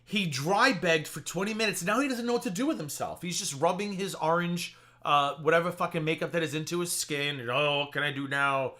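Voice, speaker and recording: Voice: mid-range voice, fairly quick, hardly any pauses, a bit bright. A reaction streamer mocking another streamer in casual live commentary, swearing freely and slipping into mock-weepy impressions.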